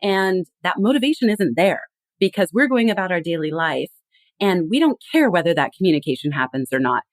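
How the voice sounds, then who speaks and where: A woman's voice: on the low side, big pitch swings, brisk, no echo. A woman guest in a podcast interview, explaining earnestly and acting out quoted phrases.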